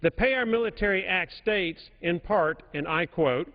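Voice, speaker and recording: Speaking at normal speed in a high voice, a man addresses a large legislative chamber as a congressman, giving a formal and emphatic floor speech and hammering key points through repetition at the podium mic. The sound is reverberant and dull, like broadcast audio.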